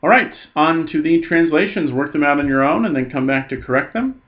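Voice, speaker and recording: A man teaching a recorded Latin lesson, patiently reading each phrase slowly and then explaining it. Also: on the high side, highs cut off.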